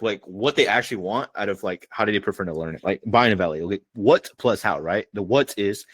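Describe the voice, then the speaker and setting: On a casual online training call, a sales coach with a slightly low voice talks fast and loose, his slangy, profane speech packed with "like" and "bro." The audio is dry and close, without echo.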